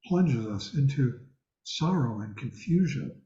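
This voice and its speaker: Measured man with echoey, dull sound. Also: mid-range voice, animated, warm tone. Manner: measured, emphatic, slows on key words. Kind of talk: teaching in group discussion. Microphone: video call. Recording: echoey, dull video-call audio.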